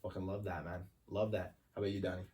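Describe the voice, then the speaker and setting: Laid-back swearing podcast co-host. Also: male voice, low-pitched, flat delivery, quick pace, dark tone. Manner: laid-back, swears often, laughs easily. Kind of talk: casual chat. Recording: distant mic with faint noise.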